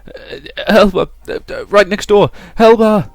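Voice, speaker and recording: A man's voice: fairly high pitch, moderate pace, no room sound, voice pushed up, lightly acted. A man voicing a cowardly male slave seller who stammers and whines as he begs for his life. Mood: begging. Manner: stammering, whiny.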